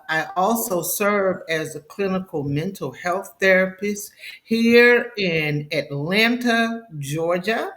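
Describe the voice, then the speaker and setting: A middle-aged woman with a faint Brooklyn accent, a guest chatting warmly in a live podcast interview and often restarting her sentences. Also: on the low side. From Brooklyn, New York. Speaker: guest author and therapist.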